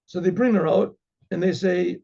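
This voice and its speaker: A rabbi tells a story in a rambling, conversational way, clearing his throat often and restarting his sentences. His voice sits high, with a gravelly, husky texture. It comes through on a dull, lo-fi recording. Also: fairly even intonation, moderate pace, warm tone. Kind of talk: oral storytelling.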